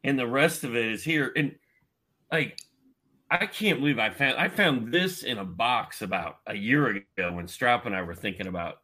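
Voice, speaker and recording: A man in his fifties from Indianapolis, telling a long story as a podcast guest in a lively, filler-heavy way. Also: mid-range voice, normal speed, breathy edge. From Indianapolis, United States. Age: 50s. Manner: animated, with many fillers and asides. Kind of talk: casual storytelling.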